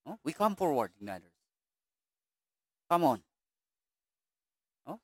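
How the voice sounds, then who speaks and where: A man hosting a church service, exhorting the congregation in a halting way with many fillers and a repeated "no?". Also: on the high side, very animated, no room sound. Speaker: worship service host.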